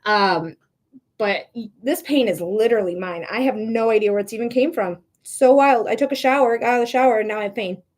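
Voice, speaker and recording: Woman, live-stream tarot reader, slightly high voice, chatty, encouraging. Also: fairly quick. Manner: encouraging, chatty, addresses viewers by name. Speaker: psychic reader.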